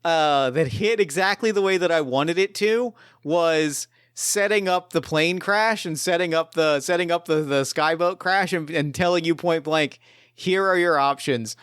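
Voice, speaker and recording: A man's voice: fairly high pitch, normal speed, hardly any pauses, fairly bright tone, smooth, dry recording, clean studio sound. A man who hosts the podcast and runs the game, reflecting in casual post-game chat and restarting his phrases as he goes. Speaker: game master and podcast host.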